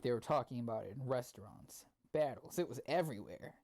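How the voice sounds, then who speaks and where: A man's voice: medium pitch, expressive, brisk, a little mellow. A man reading fan fiction aloud with sardonic asides, often stumbling over the text. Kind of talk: comedic dramatic reading with asides.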